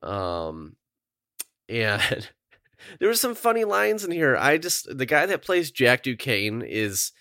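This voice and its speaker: A man's voice: mid-range voice, big pitch swings, takes it slowly, sharp tone, dry recording, clean studio sound. A man co-hosting a podcast in casual chat, recapping at length with lots of ums. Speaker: podcast co-host.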